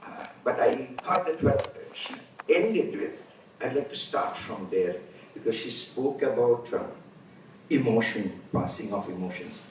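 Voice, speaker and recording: A man of about seventy with an Indian English accent, giving an unhurried conference lecture and pausing often to gather his thoughts. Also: mid-range voice, expressive. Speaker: conference speaker. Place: large conference hall. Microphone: distant room mic. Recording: very echoey hall, voice far from mic, faint noise.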